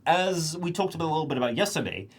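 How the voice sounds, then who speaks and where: A man's voice: a little high, expressive, very fast. A young man streaming live, talking casually to his chat in a rambling, think-aloud monologue.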